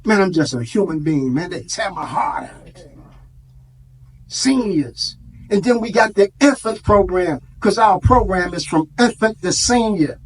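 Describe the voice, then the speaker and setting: A man's voice: high-pitched, expressive, a little slow, a little hiss or hum. A man giving an impassioned speech to a live audience, preacherly, with call-and-response and street vernacular. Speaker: community organizer speaking at an event.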